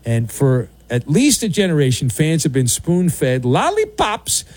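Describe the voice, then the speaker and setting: Male talk-radio host: mocking, theatrical, high-pitched and animated. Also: moderate pace, few pauses, no echo. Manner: sarcastic, mocking, theatrical voices. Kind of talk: opinionated sports talk monologue.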